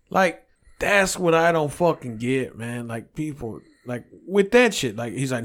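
A man's voice: mid-range voice, lively intonation, measured pace, fairly bright tone. A man co-hosting a podcast, ranting in a heated, profane, rambling way. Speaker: podcast co-host. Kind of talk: casual podcast rant.

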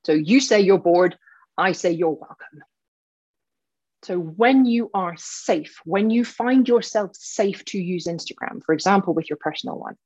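A woman coaching over a video call in a fervent, ranting flow, with swearing thrown in. Her voice is husky. The call audio sounds dull and muffled. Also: mid-range voice. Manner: passionate, ranting, swears freely.

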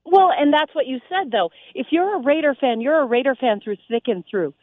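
A woman, a radio DJ, calling in to a sports radio show and telling stories with emphatic, animated delivery. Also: sits high, fairly quick, no room sound. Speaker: radio DJ guest. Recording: tinny phone line.

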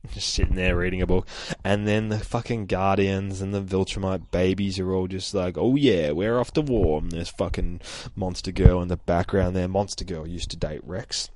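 A man's voice: deep voice, level tone, normal speed, a little mellow, no room sound. A man reading through a comic at home, chatting casually, swearing and using many fillers, keeping his voice down so he won't wake a sleeping child. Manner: holds his voice down. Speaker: comic book reader. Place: home with a child asleep nearby.

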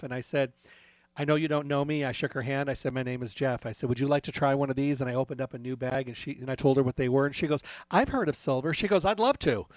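A man's voice: mid-range voice, no echo. A man in casual anecdotal chat, talking about health and retelling conversations line by line in a chatty storytelling way. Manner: chatty, storytelling with retold dialogue. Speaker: health talk speaker. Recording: dry, slightly dull lo-fi sound.

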